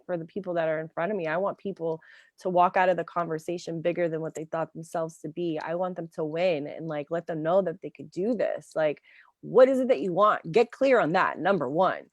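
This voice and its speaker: A woman career coach talking with a fairly low voice, animated and full of "like" and "um" fillers. The sound is close and dry, with no room echo. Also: a little fast. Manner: animated storyteller, many fillers like "like" and "um". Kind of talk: casual interview chat.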